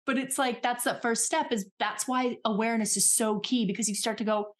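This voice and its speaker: A woman coach speaking as a podcast guest, animated and chatty, often acting out little voices in her examples. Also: on the high side, normal speed. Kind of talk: casual chat.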